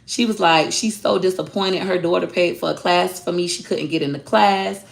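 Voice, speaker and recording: Blunt, gravelly-voiced woman talking casually. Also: fairly low pitch, moderate pace. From Florida. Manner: blunt, animated, outspoken. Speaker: online social media course teacher. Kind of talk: casual livestream talk.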